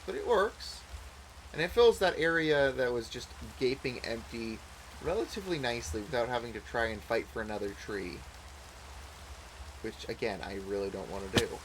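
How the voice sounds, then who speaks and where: A man's voice: medium pitch, fairly bright tone, a little hiss or hum, low-quality recording. A man giving casual, rambling gameplay commentary as a let's play host, thinking aloud as he goes.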